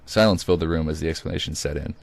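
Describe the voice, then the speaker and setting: Deep-voiced man reading his story. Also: racing, vocal fry, soft background music. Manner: occasional stumbles and self-corrections. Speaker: reader. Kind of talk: amateur first-person story reading.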